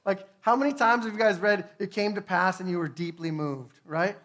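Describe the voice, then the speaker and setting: A man giving a conversational testimony sermon, earnest, swinging between hushed and fervent, with frequent tag questions. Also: sits high, normal speed, hardly any pauses. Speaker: speaker.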